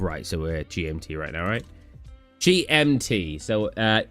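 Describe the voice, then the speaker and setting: A young British man chatting casually with viewers on a stream, rambling and acting out his own reactions. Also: lowish voice. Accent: British English. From Britain. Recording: dry room with faint music behind.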